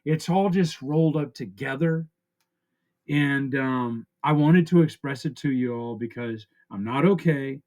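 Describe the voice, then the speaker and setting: Man, 40s, tearful, halting, raw confessional vlog talk. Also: mid-range voice, darkish tone. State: tearful, close to breaking down. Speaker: vlogger. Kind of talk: emotional personal vlog. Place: his friend's house.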